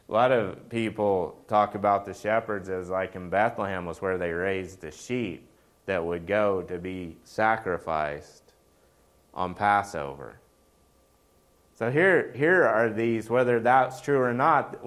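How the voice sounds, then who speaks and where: Male pastor, mid pitch, slow, unhurried delivery, casual joking sermon. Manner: conversational, with humorous asides and mock misquotes.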